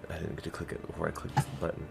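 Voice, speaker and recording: Very deep, gravelly male player. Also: monotone, rapid-fire, music in the background. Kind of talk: playing a tabletop game.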